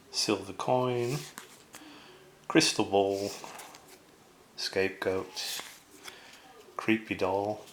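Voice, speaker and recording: A man's voice: fairly low pitch, fairly bright tone, a little hiss or hum, poor audio. A man chatting casually as he unboxes a board game, rambling with lots of fillers and asides.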